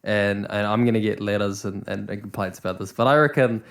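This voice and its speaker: A man's voice: lowish voice, a little fast, creaky. A young man hosting a casual podcast chat, rambling with lots of restarts and the odd swear word. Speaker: podcast host.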